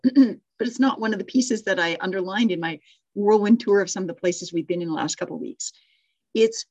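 A woman's voice: mid-range voice, dry recording, dull audio. A middle-aged woman leading a live online class on storytelling, praising students and thinking aloud with restarts and small laughs. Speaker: course instructor.

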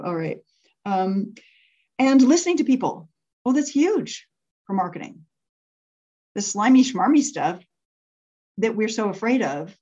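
A woman's voice: mid-range voice, darkish tone. Woman, workshop leader, chatty and giggly, asks the room for hands, slightly muffled lo-fi sound. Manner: laughs often, asks the group to raise hands. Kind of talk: interactive workshop teaching.

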